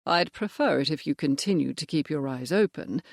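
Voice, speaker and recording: A narrator voicing a stern male cavalry major who speaks in a measured, firm way in an audiobook. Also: on the high side, expressive, gravelly, dry recording, studio quality. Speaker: character in an audiobook. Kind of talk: audiobook character voice.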